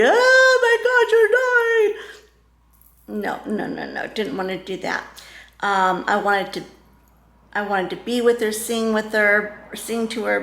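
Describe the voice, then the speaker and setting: A woman's voice: medium pitch, a bit bright. A middle-aged woman vlogger telling a story in a casual, emotional way, rambling with many restarts and fillers. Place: home room. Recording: echoey room.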